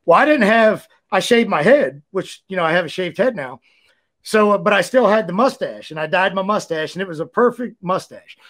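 A man from Ohio, a former wrestler, telling stories as a guest in a casual, animated way, laughing often and leaning on "you know.". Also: high-pitched, a little fast. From Ohio, USA. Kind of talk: casual storytelling.

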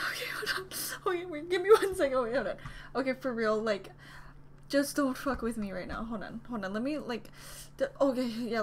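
Young woman fangirling on a reaction vid, really high voice, flustered, swears a lot. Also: slight background noise. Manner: gushing, flustered, talks to herself; swears casually. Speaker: YouTube reactor. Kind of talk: excited reaction vlog.

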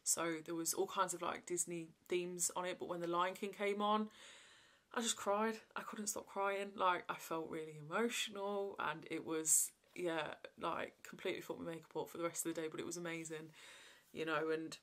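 A woman's voice: fairly low pitch, fairly even intonation, moderate pace, fairly bright tone. A woman, chatting casually to camera in a rambling way, full of fillers. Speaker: vlogger.

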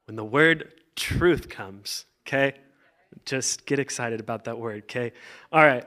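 Speaking in a mid-range, fairly bright voice, a pastor takes his sermon at an unhurried pace. He alternates reading scripture aloud with explaining it, pushing the congregation into emphatic call-and-response.

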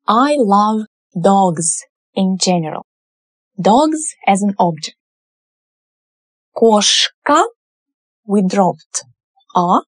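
A woman teaching a language lesson, explaining each word form slowly and patiently. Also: mid-range voice, husky, no echo.

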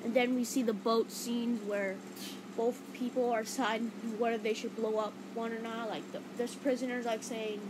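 A woman with a slightly high voice rambles through a casual countdown of movie fight scenes. She talks with loose enthusiasm, packing her sentences with "like" and restarts. Faint background noise sits under her voice. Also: little pitch movement, moderate pace. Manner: rambling, enthusiastic, many fillers like "like". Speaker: movie reviewer.

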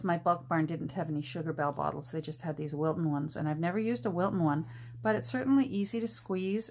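A woman's voice: medium pitch, darkish tone. A middle-aged woman chatting casually and rambling while she crafts at home, with many restarts and ums. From Canada. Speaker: crafting vlogger. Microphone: camera mic at a work table.

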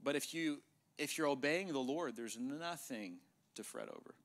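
A middle-aged male pastor preaching an emphatic sermon in a church, sometimes dropping to a hushed voice for effect. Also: medium pitch, lively intonation, moderate pace. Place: church sanctuary.

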